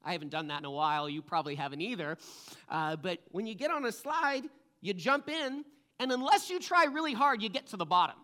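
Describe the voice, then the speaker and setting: Bright-voiced earnest male preacher. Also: high voice, expressive, a little fast. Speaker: pastor. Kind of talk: sermon.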